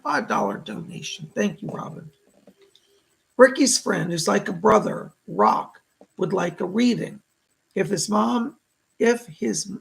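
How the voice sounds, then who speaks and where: A man hosting live psychic readings, thanking donors and relaying spirit messages in a slightly hoarse voice. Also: high-pitched, a bit bright, poor audio. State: hoarse, voice going. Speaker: psychic medium host.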